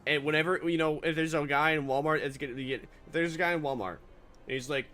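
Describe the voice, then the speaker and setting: A man's voice: a little high, quick pace, faint music behind. A man streaming a video game, reading the story narration aloud and reacting with sarcastic jokes and frequent laughter. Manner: animated, joking, sarcastic, laughs often. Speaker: VTuber streamer. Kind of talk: let's-play commentary and reading narration aloud.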